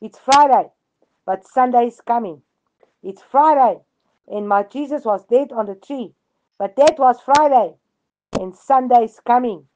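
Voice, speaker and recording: A woman's voice: a little high, unhurried, warm tone, close to an everyday voice. A woman voicing a fervent male preacher with a rhythmic, emphatic refrain, on a dull lo-fi radio recording.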